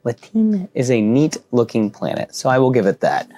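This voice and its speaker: A man's voice: medium pitch, big pitch swings, normal speed, warm tone. A man hosting a casual comic book recap and review, talking conversationally to his fans.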